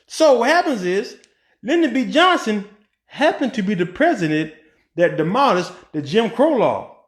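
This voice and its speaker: A man with a high voice delivers a casual opinion monologue in an echoey room. He talks in an animated way, fires off rhetorical questions and restarts his sentences, filling the gaps with ums. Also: moderate pace. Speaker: political commentary podcaster.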